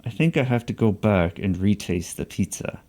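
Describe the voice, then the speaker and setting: A man's voice: fairly low pitch, expressive, normal speed, a little mellow. A man reading a novel passage aloud, voicing a vain, tense male banker who talks through gritted teeth and hisses in whispers. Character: vain, tense male Wall Street banker, simmering anger.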